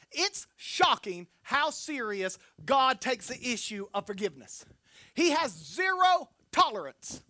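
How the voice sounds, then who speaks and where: A man preaching a sermon in a church, telling a story with animated voices and joking with the congregation. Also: very high voice, no room sound, studio quality. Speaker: pastor.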